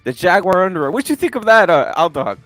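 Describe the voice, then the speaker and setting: Animated crude young man, boxing chat. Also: high voice, fast, no echo, soft background music. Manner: loud, animated, crude banter with restarts. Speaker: podcast co-host.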